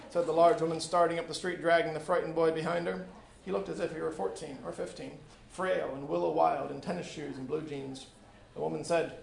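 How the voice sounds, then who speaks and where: A man's voice: fairly high pitch, a little fast, vocal fry. A male teacher reading a story aloud to a class in a classroom, with casual, chatty asides between passages. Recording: echoey room with faint noise.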